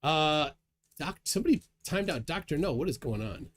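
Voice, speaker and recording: A man's voice: fairly high pitch, moderate pace. A man hosting a casual livestream, chatting and reading viewer comments aloud with a chuckle. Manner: lively, chuckling, reads chat aloud. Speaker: livestream host.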